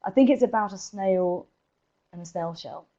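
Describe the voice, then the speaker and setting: An energetic woman speaker, giving presentation tips in a live webinar and laughing often. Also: mid-range voice, moderate pace, muffled recording.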